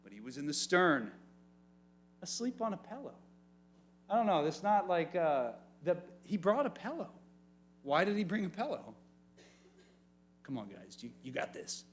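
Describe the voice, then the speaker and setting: Animated man preaching to teens. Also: high-pitched, moderate pace, pauses often, a little hiss or hum. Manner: animated, talks straight to the teens. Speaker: youth pastor. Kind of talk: youth sermon. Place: room full of young people.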